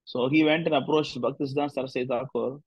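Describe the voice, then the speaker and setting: Husky-voiced man. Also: mid-range voice, fairly even intonation, fast talker, dry recording, low-quality recording. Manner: loose, rambling, full of "you know" fillers. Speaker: spiritual teacher leading a discussion group. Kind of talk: devotional storytelling talk.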